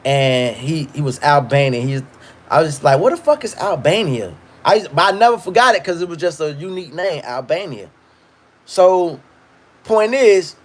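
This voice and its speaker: A man hosting a livestream, ranting in a loud, profane, rambling way and reading viewer comments. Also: high-pitched. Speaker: livestream host. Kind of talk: casual livestream rant.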